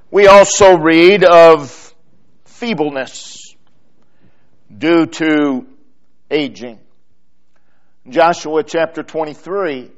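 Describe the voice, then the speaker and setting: Slow, deliberate preacher man, lo-fi. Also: a little high. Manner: slow, deliberate delivery with emphatic pauses, reading scripture aloud. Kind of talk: sermon. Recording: dull lo-fi sermon recording.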